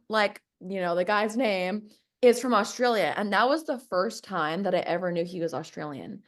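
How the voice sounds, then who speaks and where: Chatty woman telling a story with many likes. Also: normal speed. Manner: animated, acts out quoted voices with big pitch jumps; filler-heavy, says like and whatever often. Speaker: podcast guest telling a personal story. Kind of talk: casual storytelling chat.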